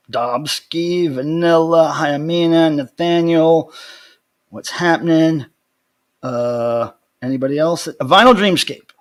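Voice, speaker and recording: A man hosting his weekly livestream from home, casually greeting viewers by name and rambling through announcements. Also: mid-range voice. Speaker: livestream host.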